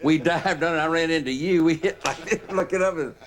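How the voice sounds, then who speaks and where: A man's voice: on the high side, fairly quick. Older man, reflective storyteller, loose phrasing. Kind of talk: reminiscing anecdotes.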